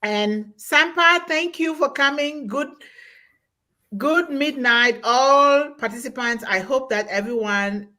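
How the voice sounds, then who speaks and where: Woman, forties, webinar host, high-ish voice, gushing gratitude, reads comments aloud. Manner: effusive, warm thanks, reads comments aloud slowly. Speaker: host reading audience comments. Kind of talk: live online webinar talk.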